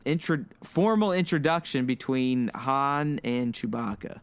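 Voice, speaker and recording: A man co-hosting a podcast, talking in a relaxed, rambling way and swearing freely. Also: mid-range voice, measured pace, clear, resonant tone, dry recording. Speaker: podcast co-host. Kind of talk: casual chat.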